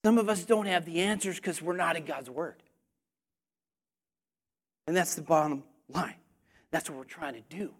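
A man with a high, light voice preaches a sermon with lots of energy. He calls out to the congregation and waits for their answers. At his peaks he nearly shouts. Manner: energetic, call-and-response, rising to near shouting.

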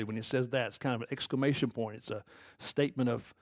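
A man's voice: medium pitch, quick pace, no room sound, clean studio sound. Chatty preacher man teaching from scripture. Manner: conversational, animated, asks the audience questions. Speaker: pastor. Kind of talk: casual Bible-teaching sermon.

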